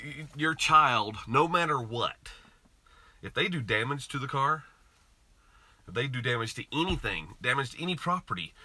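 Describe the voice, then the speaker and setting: Low-voiced man ranting about his son. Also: sharp tone. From Utah, US. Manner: rambling, restarts often, gets heated and emphatic. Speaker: podcast host. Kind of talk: casual storytelling monologue. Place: garage and car, indoors and out.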